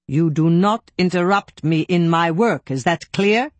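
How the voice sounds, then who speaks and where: A woman's voice: fairly low pitch, unhurried, dry recording, close to an everyday voice. A woman reading an audiobook, voicing a stern male camp officer who gives clipped, cold orders.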